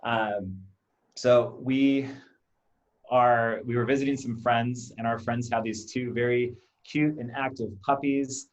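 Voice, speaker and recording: A man's voice: mid-range voice, takes it slowly, lo-fi sound. Man explaining with acted-out examples. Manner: explains with lively acted-out examples and repeated "right?". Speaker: behavior analyst, clinic co-owner. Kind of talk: casual interview talk.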